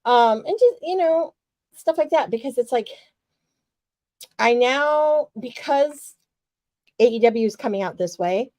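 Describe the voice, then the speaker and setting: A woman's voice: fairly high pitch, animated, a little slow, pauses often, warm tone, no room sound. Fired-up, foul-mouthed woman chatting wrestling. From US West Coast. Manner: profane, fired-up and emphatic. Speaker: podcast co-host. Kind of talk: casual wrestling chat.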